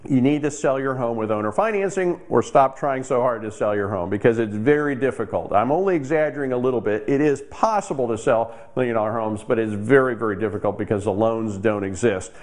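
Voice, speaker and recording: A man's voice: mid-range voice, fairly quick, hardly any pauses, darkish tone. Regular guy chatting to camera, lots of uhs and you knows, real estate investor vibe. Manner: chatty, with frequent fillers. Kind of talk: casual storytelling to camera.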